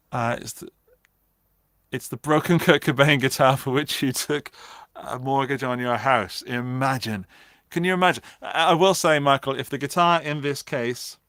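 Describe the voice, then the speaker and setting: A man's voice: medium pitch, measured pace, pauses often, a bit bright, no room sound, clean studio sound. A man hosting a casual livestream, greeting viewers by name and making light self-mocking asides. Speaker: livestream host.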